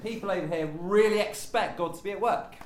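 A man's voice: high-pitched, brisk, a little hiss or hum. A man leading a teaching session as a preacher, conversational, with frequent ums and rhetorical questions.

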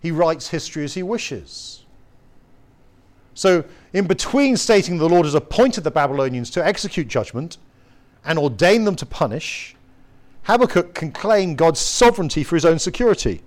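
A man preaching a sermon in an earnest, emphatic way, asking his listeners rhetorical questions and slowing down to read scripture. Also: fairly high pitch, animated. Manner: slows down to read scripture quotes.

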